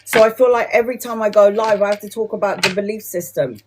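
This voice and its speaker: A woman's voice: mid-range voice, fast, noisy background. A woman giving a live tarot reading who talks bluntly and chattily and swears casually. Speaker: tarot reader.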